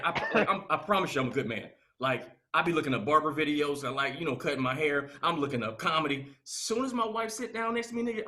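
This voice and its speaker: A young adult man doing a stand-up comedy set, telling loose, animated stories and laughing often. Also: a little high.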